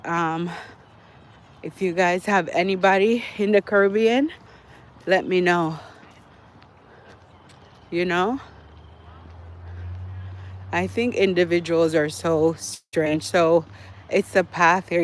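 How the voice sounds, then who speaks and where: A man, out of breath as he walks an outdoor track, chatting to his livestream viewers and repeating himself. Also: sits high. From Jamaica. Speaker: livestream host. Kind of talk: casual walking livestream. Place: outdoor walking track near woods at dusk.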